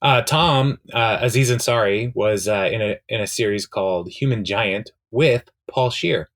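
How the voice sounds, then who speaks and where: Speaking at a measured pace in a voice on the low side and a bit bright, a man recaps a TV episode as a podcast co-host. The talk is casual and rambling, thick with fillers, and he quotes what the characters said while recounting scenes.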